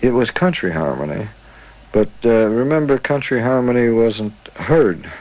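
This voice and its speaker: A man recalling his music-business past in an archive interview, relaxed with filler pauses. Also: medium pitch, rough recording.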